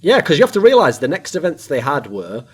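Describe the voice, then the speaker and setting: A man co-hosting a podcast, giving animated, rambling esports analysis in casual chat. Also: a little high, quick pace, crowd noise. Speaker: podcast co-host.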